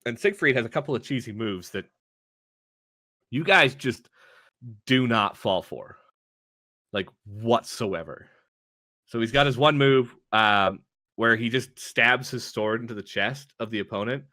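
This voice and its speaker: Male co-host, lowish voice, bright and dry, laid-back storytelling. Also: a little slow, no echo. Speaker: podcast co-host. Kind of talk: casual chat.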